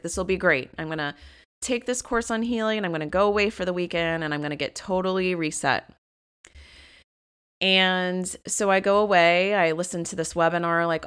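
A woman with a low, smooth and resonant voice tells a personal story on her podcast. She speaks candidly and confessionally, and she grows animated as she relives heated moments. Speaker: podcast host.

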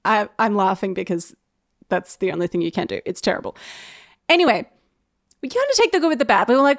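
Young woman, podcast host, casual story monologue, animated and chatty, dry voice. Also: medium pitch, fairly quick, pauses often, no room sound. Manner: chatty, animated, laughs often while telling stories.

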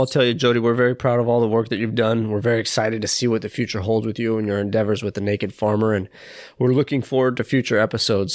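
A man's voice: on the low side, no room sound, clean studio sound. A man hosting a podcast interview, friendly and encouraging, with polite, formal phrasing. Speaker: podcast host.

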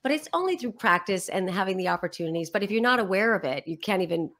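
A woman's voice: mid-range voice, lively intonation, quick pace, fairly bright tone. A woman who works as a voiceover artist, sharing advice and stories animatedly in a panel conversation, laughing often. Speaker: voiceover artist and guest speaker.

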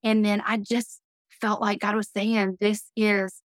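A woman's voice: medium pitch, flat delivery, slow, dry recording. A middle-aged woman, a podcast guest, telling a personal story earnestly and with feeling, laughing now and then. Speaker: podcast guest, business leader.

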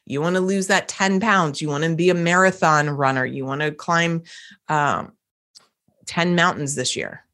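Motivational podcast host, woman, middle-aged, lowish voice, punchy and emphatic. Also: moderate pace. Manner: energetic, emphatic, acts out phrases.

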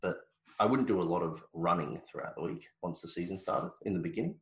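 A deep-voiced Australian man co-hosting a podcast in a relaxed, joking way, trailing off and restarting his sentences. His voice rings a little, as if the room has bare walls. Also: quick pace, echoey room, rough recording. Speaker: podcast co-host. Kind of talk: casual chat.

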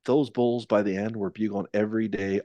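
Casting: man with a lowish voice, easygoing storyteller, rambling, dry close mic. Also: steady tone, fairly quick, dark tone, no echo, lo-fi sound. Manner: rambling, many restarts and fillers. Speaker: podcast guest, elk hunter. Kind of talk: casual storytelling.

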